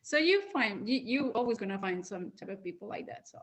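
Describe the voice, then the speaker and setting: A woman's voice: medium pitch, animated, brisk. A woman who learned English later, speaking hesitantly on a video call and searching for words. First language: not English. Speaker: call participant.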